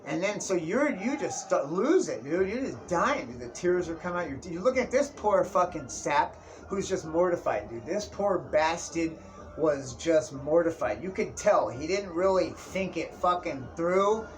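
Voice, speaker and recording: Man, young adult, fairly high voice, casual comic storytelling, profane slang, faint background noise. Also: animated, moderate pace. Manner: profane, slangy, keeps saying dude and bro. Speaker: vlogger. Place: indoors, Tijuana area.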